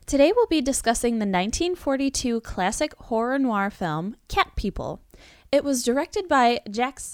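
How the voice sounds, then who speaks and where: A woman's voice: fairly high pitch, big pitch swings, normal speed, no room sound, studio quality. A young woman co-hosting a casual podcast, reacting often and laughing. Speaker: podcast co-host.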